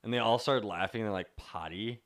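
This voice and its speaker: A man talking easily on a podcast, his lowish voice bright and forward. He chats loosely, laughs a lot and slips into silly voices. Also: brisk. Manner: laid-back, laughs often, puts on silly voices. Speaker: podcast co-host. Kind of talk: casual chat.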